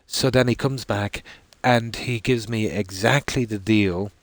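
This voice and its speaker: An Irish man tells a long, rambling story as he streams a game, a lot of "I said" as he goes. His voice sits low. The sound is dry and close, with no room echo. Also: measured pace. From Ireland. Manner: rambling anecdote, frequent "I said". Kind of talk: casual storytelling while streaming.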